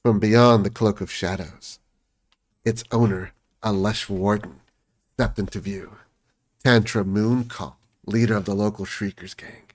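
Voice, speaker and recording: A man's voice: on the low side, fairly even intonation, measured pace. A man chatting casually as he plays a game, amused and laughing often. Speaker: game streamer. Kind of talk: casual gameplay commentary.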